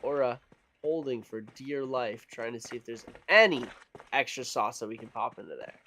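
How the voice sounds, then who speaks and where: A man casting an esports match with energetic, joking play-by-play commentary. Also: medium pitch, moderate pace, noisy background. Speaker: esports caster.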